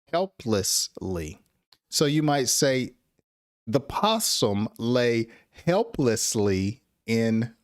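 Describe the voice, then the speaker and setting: A man teaching an English lesson on a podcast, reading example sentences slowly and clearly, chuckling now and then at his own examples. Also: fairly low pitch, dry recording, studio quality.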